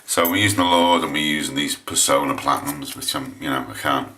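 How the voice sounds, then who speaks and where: An English man with a low voice chatting casually while he shaves on camera, rambling and hesitant with lots of restarts. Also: fairly even intonation, brisk, pushed and bright, slight background noise. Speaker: shaving vlogger.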